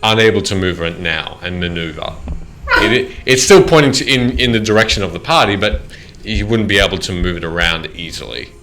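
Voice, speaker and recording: A man narrating as game master of a tabletop game, describing the action in halting, restarting phrases. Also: sits low, a bit bright, soft background music.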